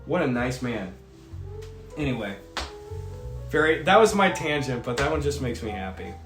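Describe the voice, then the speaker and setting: Very animated and at an ordinary speed, a man with a mid-range, fairly bright voice reads his stream's chat aloud. He wanders off topic, swears and throws in jokey remarks, and he's slightly sick. Faint music sits behind the echo of the room.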